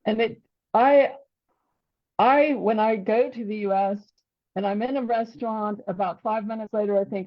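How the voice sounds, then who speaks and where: A woman on a video call speaking earnestly in agreement, with halting restarts. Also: mid-range voice, lo-fi sound. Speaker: podcast participant. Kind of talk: casual chat on a video call.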